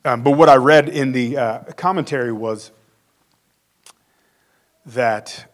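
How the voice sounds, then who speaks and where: A man's voice: medium pitch, slow pace. A male pastor giving a conversational sermon, acting out the quotes he reads.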